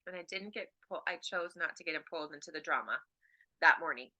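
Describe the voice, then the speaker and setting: A woman's voice: sits low, fairly quick, bright, forceful tone. A woman co-hosting an online talk, adding casual asides as the mother over a video call. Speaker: mother and co-host. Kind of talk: casual interjections.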